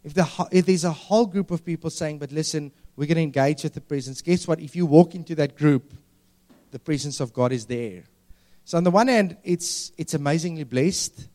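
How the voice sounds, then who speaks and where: Male preacher, slightly high voice, earnest, leans on key words. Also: mellow. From South Africa. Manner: earnest, stretches key words slowly for emphasis. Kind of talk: sermon.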